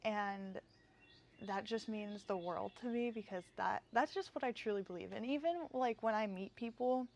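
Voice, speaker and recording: A woman's voice: mid-range voice, normal speed, creaky. A young woman hosting her own podcast, chatting casually and openly in a bubbly, rambling way. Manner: bubbly and rambling, with fillers and laughs. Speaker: podcast host. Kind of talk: casual solo podcast chat.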